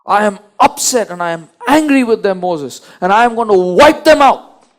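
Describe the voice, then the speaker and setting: A man's voice: high-pitched, expressive, moderate pace. A male preacher voicing an angry, fed-up God in a dramatized scripture paraphrase, emphatic and commanding. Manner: emphatic, commanding, raised and louder.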